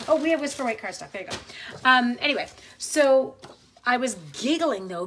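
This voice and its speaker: Chatty lady in her 40s doing a craft demo, giggles a lot, a bit high-pitched, talks to viewers. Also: background noise. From Canada. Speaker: craft demonstrator and host. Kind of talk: casual livestream craft demo.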